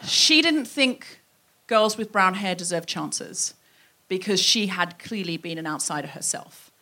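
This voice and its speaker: Bright, lively woman telling a stand-up story. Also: on the low side, unhurried. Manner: animated, acts out quoted voices. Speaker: comedian. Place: live theatre stage. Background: audience laughter.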